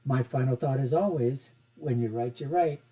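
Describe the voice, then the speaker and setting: A middle-aged man hosting an online political commentary show, sarcastic and animated, with chuckling asides. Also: medium pitch, moderate pace. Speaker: host.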